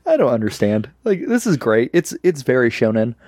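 A man co-hosting a podcast in casual chat, animated and laughing often as he acts out quotes. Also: mid-range voice, normal speed, dry recording, clean studio sound. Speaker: podcast co-host.

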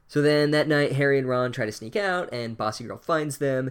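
A man's voice: mid-range voice, a little fast, hardly any pauses, smooth. A man giving a profane, sarcastic comedic recap of a book, ranting in a casual way.

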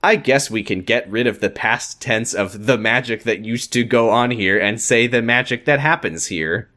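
A man's voice: mid-range voice, normal speed, pushed and bright. A man co-hosting a podcast, reading fan fiction aloud in a dry, mock-dramatic way and chatting casually between lines. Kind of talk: casual comedic reading and chat.

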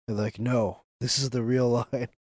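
A man's voice: mid-range voice, little pitch movement, normal speed, darkish tone, husky, no echo, studio quality. A man co-hosting a podcast in casual chat, telling stories animatedly and acting out quotes with laughs. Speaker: podcast co-host.

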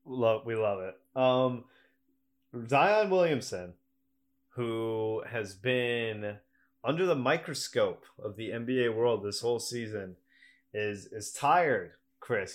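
A man's voice: medium pitch, animated, slow pace. A man co-hosting a casual sports talk show, lightly amused as he sets up each topic and hands it over with a question. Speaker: podcast co-host.

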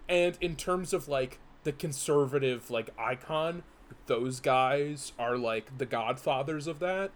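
A man co-hosting a podcast in casual chat, explaining at length with many restarts and fillers. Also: medium pitch. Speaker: podcast co-host.

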